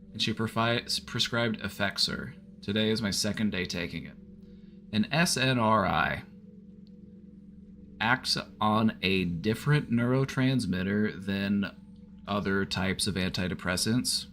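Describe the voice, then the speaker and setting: At home with his dog, a therapist streamer offers casual advice on his live stream in a fairly low, slightly bright voice. His talk is loose, peppered with "like" and some swearing, and there's slight background noise.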